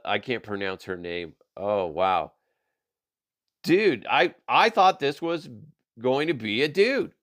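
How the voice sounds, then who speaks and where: A middle-aged podcast host swaps odd news stories in casual comedic chat, swearing freely, laughing, and slipping into silly voices. His medium-pitched voice is very animated and moves at a measured pace.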